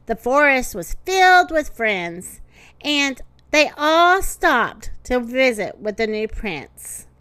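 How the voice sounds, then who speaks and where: Bright, high-pitched storytime woman. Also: no room sound. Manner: lively, expressive read-aloud with sing-song voices for animals. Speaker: children's story podcast host. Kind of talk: reading a children's storybook aloud.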